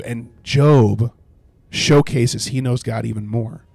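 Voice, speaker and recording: A man's voice: medium pitch, slow, creaky, darkish tone, slightly rough, no echo. A man leading a livestreamed Bible study, earnestly reading scripture aloud and explaining it, now and then thanking viewers in chat.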